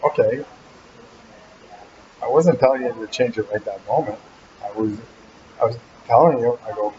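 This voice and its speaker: A man's voice: medium pitch, moderate pace, long pauses, dark tone, lo-fi sound, slight background noise. A man hosting a casual live Q&A from an animal hospital waiting room, teasing and rambling about his helper. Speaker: channel host.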